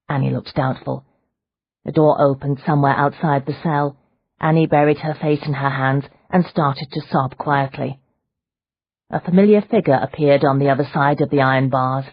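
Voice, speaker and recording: A woman narrating an audiobook in a measured, even storytelling voice. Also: very deep voice, dull audio. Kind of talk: scripted narration.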